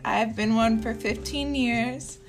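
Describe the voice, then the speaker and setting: A woman's voice: a little high, fairly even intonation, slow, soft background music. A woman in her thirties hosting a casual podcast from her bedroom, talking in a chatty, candid way and swearing freely. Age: 30s. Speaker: podcast host. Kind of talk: casual chat.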